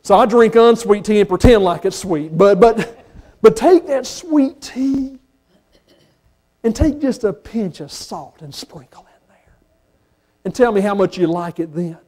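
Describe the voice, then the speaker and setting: A man with a Southern accent preaching a sermon as pastor, folksy and at times rising to impassioned shouts. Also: high voice. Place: church sanctuary.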